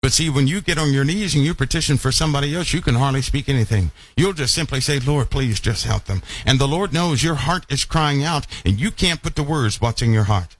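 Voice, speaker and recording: A man preaching a Bible-study sermon who keeps asking his listeners questions and slows down to stress key lines. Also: on the high side, a bit bright, no echo. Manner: emphatic, asks the audience questions often.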